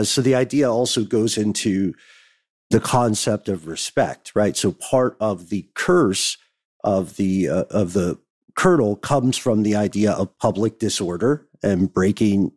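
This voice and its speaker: A man co-hosting a podcast, explaining things in a thoughtful, measured way. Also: fairly low pitch, darkish tone, no echo, studio quality. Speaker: podcast co-host. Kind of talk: casual podcast discussion.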